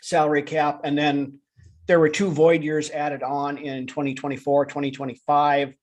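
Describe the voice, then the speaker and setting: A man's voice: on the high side, flat delivery, moderate pace, darkish tone. A man co-hosting a live sports talk show, chatting casually with lots of fillers and restarts. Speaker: podcast co-host.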